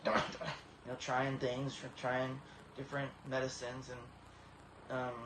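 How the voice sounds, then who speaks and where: Man, 30s, emotional testimony, halting and earnest, near tears, flat delivery; echoey room, faint hiss. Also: medium pitch. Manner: halting, many repeated starts, earnest. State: tearful, emotional. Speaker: vlogger.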